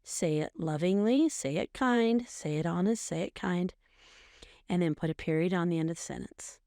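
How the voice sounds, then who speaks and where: A middle-aged woman with a fairly low voice talks through advice in an earnest, coaching way, often repeating phrases to drive a point home. She sounds close and dry, with no room around her. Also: normal speed, mellow, dry recording. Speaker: podcast co-host, mother. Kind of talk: casual advice chat.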